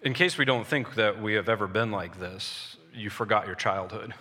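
A man preaching a sermon as a pastor, earnest, pausing and restarting as he explains a scripture passage. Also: lowish voice, sharp tone. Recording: long reverb of a large hall.

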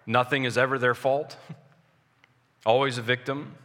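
A man preaching a sermon with a bright, forceful voice. He speaks earnestly, with pauses and restarts, while a long reverb from the large church hall trails behind his words. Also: medium pitch, level tone. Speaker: pastor.

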